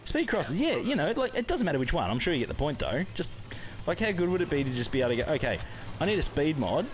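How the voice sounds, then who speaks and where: A man's voice: a little high, sing-song, fast. Chatty Australian man streaming live. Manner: chatty, laughs often, greets viewers by name. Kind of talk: casual live-stream chat with viewers.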